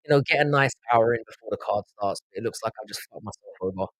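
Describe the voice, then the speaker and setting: Hosting a casual live stream, a London man with a South London accent trades rambling, profane banter with his chat. His voice sits fairly low and he talks fast; the audio is poor but has no echo.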